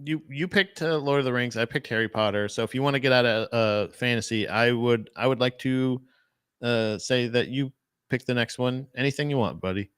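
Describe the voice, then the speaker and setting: A man's voice: mid-range voice, fairly quick, a bit bright, clear, resonant tone, no echo, studio quality. A man co-hosting a podcast, rambling in casual banter with frequent restarts and laughter. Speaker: podcast co-host.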